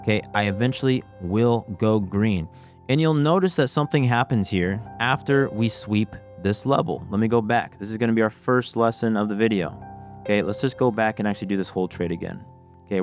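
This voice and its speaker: A man with a lowish, slightly mellow voice gives a casual trading lesson over screen share. As he walks through a chart, he often says "okay" while restarting phrases.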